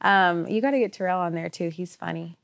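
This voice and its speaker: A woman's voice: on the low side, fairly quick, gravelly, dry recording. A woman hosting her podcast in a casual chat, blunt and chatty, swearing freely as she talks. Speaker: podcast host.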